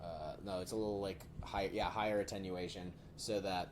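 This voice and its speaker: A man hosting a casual podcast chat, animated and laughing often as he explains beer terms. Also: deep voice, normal speed, noisy background. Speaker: podcast host.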